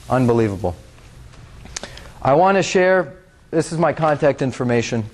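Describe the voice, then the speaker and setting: A young man from the United States giving a public talk as a guest speaker. He tells a story in an earnest, conversational way, speaks straight to the audience and often fills pauses with "uh". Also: mid-range voice. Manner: earnest, conversational, talks to the audience directly, with frequent fillers.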